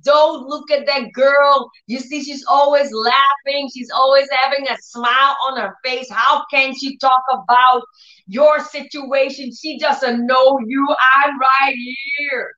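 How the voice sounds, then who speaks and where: A woman voicing a disease as a taunting figure that shouts, in a high, mocking voice. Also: steady tone, measured pace, highs cut off. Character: a screaming, taunting disease personified as a voice.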